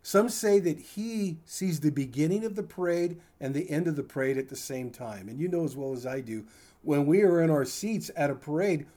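A man's voice: fairly high pitch, mellow. An older man preaching a sermon in a conversational, folksy way, with asides to his congregation. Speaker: pastor.

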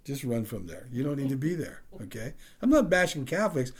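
A male pastor preaching a sermon and closing in prayer, animated, swinging between loud emphasis and soft, low passages. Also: fairly quick, breathy edge.

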